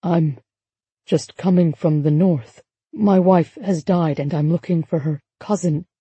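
A woman voicing a young British airman, feverish and weak, who speaks low and haltingly. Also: dark tone, slightly rough, no room sound, highs cut off, exaggerated voice. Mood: pleading.

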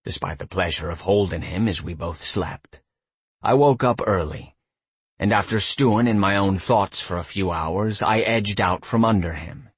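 A man narrating a first-person audiobook in a reflective, tender way with a husky voice. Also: deep voice, normal speed, no room sound.

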